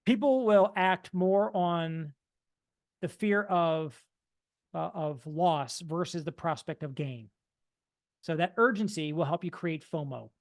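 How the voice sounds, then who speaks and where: A man giving an energetic motivational talk, mimicking dull and excited voices to make his point. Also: a little high, slow. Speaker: motivational speaker.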